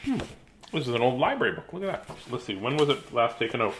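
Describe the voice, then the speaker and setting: Lively, chatty man in his fifties. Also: medium pitch, fast talker, a little hiss or hum. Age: 50s. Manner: chatty, jokey, digressive. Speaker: children's book reader. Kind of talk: casual live read-aloud.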